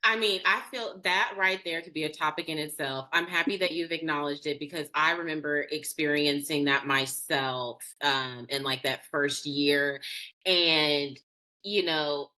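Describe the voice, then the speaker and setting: A woman's voice: deep voice, fairly even intonation, measured pace, bright, forceful tone. A woman podcast host in casual conversation, affirming her guest with emphatic agreement.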